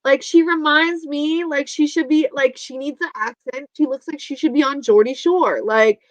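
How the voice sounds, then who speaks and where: A woman's voice: high voice, normal speed, no echo. A woman co-hosting a live wrestling watch-party stream in casual, rambling, giggly chat. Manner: chatty, giggly, rambling with fillers. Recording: dull, dry lo-fi stream audio.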